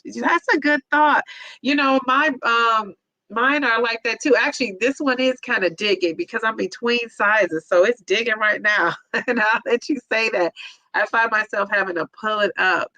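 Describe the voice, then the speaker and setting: A woman's voice: medium pitch, pushed and bright, dry recording, poor audio. Upbeat woman cheering on livestream viewers. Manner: reads comments aloud and reacts to them. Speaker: livestream host reading chat comments. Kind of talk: casual livestream chat.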